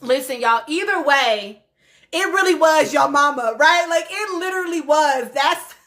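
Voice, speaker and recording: Woman livestream host, high voice, unhurried, laughs a lot, casual chat to viewers. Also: expressive, a bit bright. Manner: laughs often, talks straight to viewers as "y'all". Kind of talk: casual live-stream chat reacting to comments.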